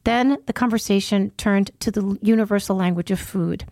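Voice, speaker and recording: A woman's voice: mid-range voice, normal speed, darkish tone, no room sound, studio quality. A woman reading her own first-person dispatch aloud, breaking off for wry conversational asides.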